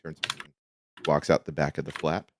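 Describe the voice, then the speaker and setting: A man's voice: extremely low pitch, level tone, moderate pace, a little hiss or hum. A man narrating as dungeon master in a tabletop game, hesitant and full of ums.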